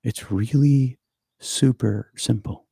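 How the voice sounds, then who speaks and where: A man hosting a spiritual livestream, speaking slowly and repetitively with gentle emphasis. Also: medium pitch, no echo, studio quality. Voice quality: gravelly, husky. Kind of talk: meditative live-stream talk.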